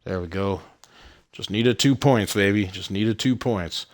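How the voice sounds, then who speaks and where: A man's voice: fairly low pitch, a little slow. A man casually talking over his own basketball video game stream, grumbling at the game and laughing it off. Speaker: gaming streamer. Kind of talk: casual live gameplay commentary.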